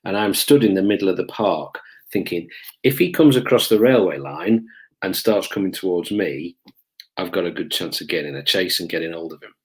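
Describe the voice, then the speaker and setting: A middle-aged man tells old police stories straight to the camera. His voice sits a little low and unhurried, broken by hesitant ums as he searches for the next detail. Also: expressive. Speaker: police officer recounting his career. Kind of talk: casual storytelling to camera.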